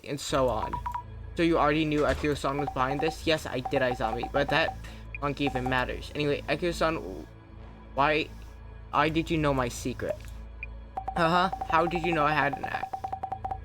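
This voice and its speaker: A streamer voicing a quiet, troubled young woman in a game. She speaks softly and in a subdued way. Game music plays clearly in the background. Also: mid-range voice, close to an everyday voice. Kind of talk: reading game dialogue aloud.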